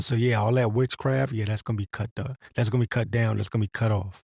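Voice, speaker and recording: A man's voice: fairly low pitch, fairly even intonation, quick pace, vocal fry, hardly any pauses, a little mellow, breathy edge, no echo. Profane ranting man, dry sound. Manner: profane, preachy, rambling. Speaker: religious commentator. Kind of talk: ranting monologue with scripture reading.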